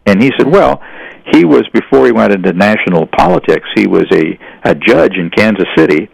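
Older man, gravelly low voice, dry close sound, rambling folksy anecdotes. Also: brisk, dry recording, rough recording. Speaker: guest. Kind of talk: storytelling in casual conversation.

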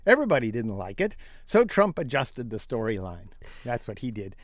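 A man's voice: medium pitch, sing-song, moderate pace, dry recording, studio quality. A man co-hosting a casual comedic news chat, reading stories aloud with a wry, mocking tone and frequent laughs.

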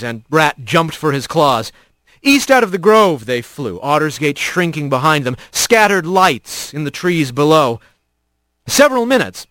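A man reads a storybook aloud with a lively, rising-and-falling delivery. His voice sits a touch above the usual for a man, and the recording is close and dry. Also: a little high, dry recording. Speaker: narrator. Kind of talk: scripted narration.

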